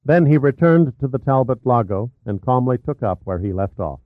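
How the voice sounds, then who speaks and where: A man narrating a thriller audiobook in an even, measured storytelling manner. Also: medium pitch, dry recording. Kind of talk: scripted narration. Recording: tinny phone-like, dry.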